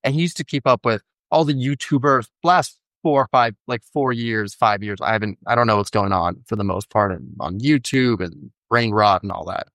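A man's voice: fairly low pitch, moderate pace, few pauses, no echo. A man in casual podcast chat, telling a story and acting out quoted lines. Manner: storytelling with animated quoted voices.

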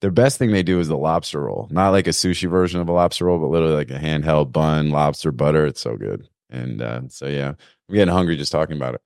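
A man's voice: rumbling low, quick pace, creaky, darkish tone, no room sound, studio quality. A man hosting a casual video-call show, joking loosely with slang and lots of fillers. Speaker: podcast host. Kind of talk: casual chat. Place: Florida.

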